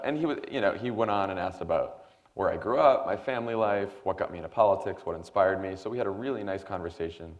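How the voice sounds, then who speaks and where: A man in his thirties, a guest at a forum, telling a long anecdote in a lively way and acting out the other people. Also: low-pitched, fairly quick. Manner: animated anecdotal storytelling with quoted voices. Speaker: guest, former speechwriter. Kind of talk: storytelling in a forum conversation. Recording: dull lo-fi sound.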